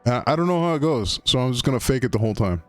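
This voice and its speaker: A man's voice: mid-range voice, animated, very fast, soft background music. A man casually commenting while playing a game on a live stream, rambling and swearing and riffing on slang.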